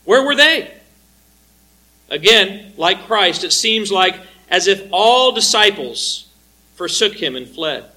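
A man delivers an expository sermon in a high, brilliantly bright voice. He speaks earnestly and deliberately, rising on his emphatic points and dropping low as he drives each thought home. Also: expressive, low-quality recording. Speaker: preacher. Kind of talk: expository sermon with scripture reading.

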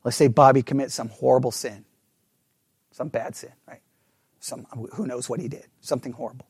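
A man delivering a sermon with emphasis, putting rhetorical questions to his listeners and sometimes dropping to a hushed, low delivery. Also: steady tone, moderate pace, breathy edge, dry recording. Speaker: preacher.

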